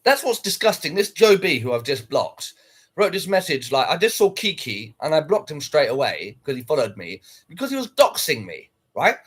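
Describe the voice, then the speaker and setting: A man's voice: fairly high pitch, very animated, normal speed, husky. A man casually chatting on a livestream, reacting to viewer comments in a blunt, sweary way. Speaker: livestreamer reading chat.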